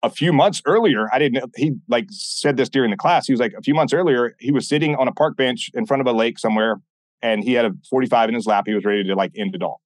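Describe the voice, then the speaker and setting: A man guesting on a podcast, telling stories in a blunt, animated way and acting out what people said. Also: medium pitch, fast, no echo. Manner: animated, blunt, swears often, acts out quoted dialogue. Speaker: podcast guest, former military instructor. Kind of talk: casual interview storytelling.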